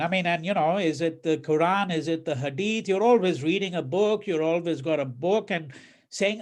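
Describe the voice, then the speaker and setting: Guy lecturing a class, fairly high voice, keeps going "right?", acts out quotes. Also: expressive, moderate pace. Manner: conversational, checks in with "right?", repeats words; reads quoted verses in a mocking voice. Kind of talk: university lecture.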